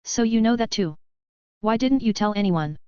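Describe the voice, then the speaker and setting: Weary, soft-spoken male wizard teacher in an audiobook , read by a woman, dry, slightly muffled sound. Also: medium pitch, lively intonation, moderate pace, clean tone, no echo, lightly acted. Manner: guarded, tired and soft-spoken. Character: weary, gentle male wizard professor, young but ailing.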